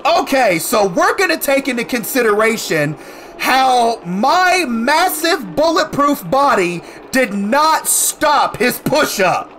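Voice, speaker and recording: A man doing let's play commentary, excitable, cursing and shouting at the game as he plays. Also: extremely high pitch, slow, slight background noise. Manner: excitable, swears and yells at the game. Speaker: gaming commentator.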